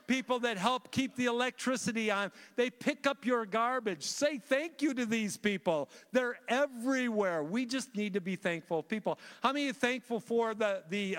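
Male preacher, high-pitched, animated storyteller full of restarts, in a reverberant church sanctuary. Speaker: guest preacher. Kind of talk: sermon.

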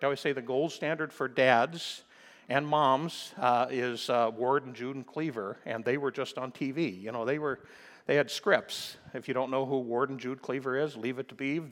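An older man preaching in a church, telling homespun stories and checking in with his congregation with "okay?" and "amen?". His mid-pitched voice carries a long reverb from the hall, and he stops now and then to clear his throat. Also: a bit bright. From Nebraska, USA. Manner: folksy storytelling, frequent "okay?" and "amen?", clears throat often. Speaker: pastor. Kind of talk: sermon. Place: church sanctuary.

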